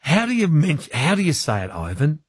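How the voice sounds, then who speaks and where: A man with an Australian accent hosting breakfast radio, boisterous, laughing loudly and calling everyone mate. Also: a little high, huge pitch swings, a little fast, breathy edge, no room sound, clean studio sound. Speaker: radio host.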